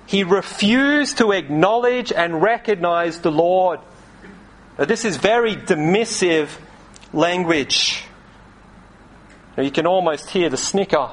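A man preaching a sermon in a measured, emphatic way, acting out quoted lines with dramatic flair. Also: sits high, lively intonation.

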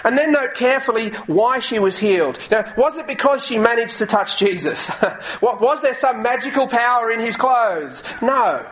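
A man's voice: very high voice, expressive, normal speed, a bit bright, poor audio. A male pastor preaching a sermon earnestly, often repeating words as he goes and reading scripture aloud. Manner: reads scripture aloud in old English wording.

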